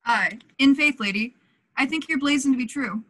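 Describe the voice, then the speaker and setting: A woman's voice: high-pitched, normal speed, fairly bright tone. Teen girl playing a genial matchmaking prince. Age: late teens. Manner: stately, matchmaking. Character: genial scheming male prince. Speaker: student actor. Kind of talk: Shakespeare school play over video call. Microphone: video call.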